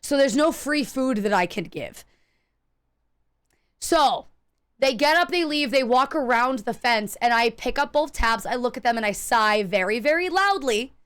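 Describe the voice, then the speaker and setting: Woman streamer ranting through a story, swears a lot, high smooth voice. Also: measured pace. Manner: profane, animated storytelling; acts out quoted people in her stories. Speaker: streamer telling stories. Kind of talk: casual chat while gaming.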